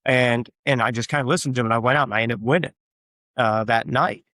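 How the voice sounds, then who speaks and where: A man's voice: mid-range voice, steady tone, quick pace, pushed and bright, no echo, studio quality. A man being interviewed, telling rambling stories with lots of fillers. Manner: rambling anecdotal storytelling with frequent fillers. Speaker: guest, tribute artist of a famous singer. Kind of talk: casual interview chat.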